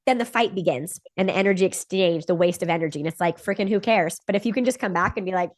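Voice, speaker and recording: A woman's voice: mid-range voice, quick pace. Enthusiastic woman podcast host. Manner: enthusiastic, laughs easily, uses "like" a lot. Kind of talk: casual podcast chat.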